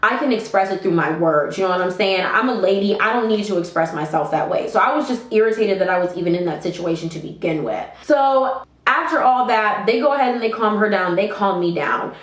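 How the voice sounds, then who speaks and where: A young woman vlogger retelling a story in a casual, animated way, swearing freely and talking straight to her viewers. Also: medium pitch, brisk. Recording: roomy echo.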